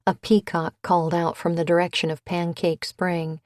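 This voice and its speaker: A woman reading a cozy mystery audiobook, with even, unhurried narration that lifts into character voices for the dialogue. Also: on the low side, no room sound, clean studio sound. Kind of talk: scripted narration.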